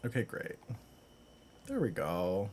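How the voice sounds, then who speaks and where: A man's voice: lowish voice, wildly swooping pitch, slow, darkish tone, faint music behind. A man live-streaming from home, chatting casually with viewers, rambling with lots of fillers and frequent laughs. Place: home room.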